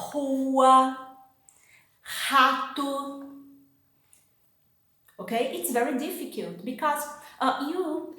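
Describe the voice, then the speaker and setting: A high-pitched woman with a Brazilian accent gives an online language lesson, speaking slowly and patiently. She keeps encouraging her students and checks in often with "okay?". Her voice rings in a roomy, echoey space. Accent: Brazilian Portuguese. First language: Portuguese. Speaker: Portuguese teacher.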